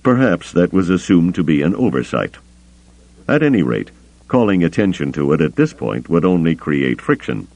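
A man voicing a calm, careful male smuggler leader in an audiobook, deep and gravelly. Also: heavily acted. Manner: measured, deliberate.

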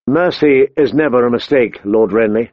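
A man voicing a stern, honorable male lord in an audiobook, firm and measured. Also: medium pitch, no echo, muffled recording, lightly acted. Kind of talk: audiobook character voice.

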